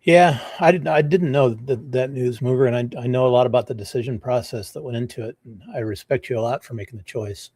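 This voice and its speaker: A man losing his voice, talking in a measured, supportive way on a casual live talk show. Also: mid-range voice, a little mellow, no echo.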